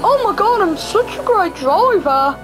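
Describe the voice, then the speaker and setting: A woman voicing an excitable teenage boy in a game role-play, yelping and gasping a lot. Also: very high voice, unhurried, over music, heavily acted. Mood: panicked. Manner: yelps and gasps a lot.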